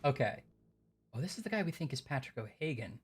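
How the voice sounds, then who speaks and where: A woman's voice: a bass voice, big pitch swings, fast, a little hiss or hum. A young woman chatting playfully while she plays a mystery game on stream, thinking aloud. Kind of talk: casual game-stream chat.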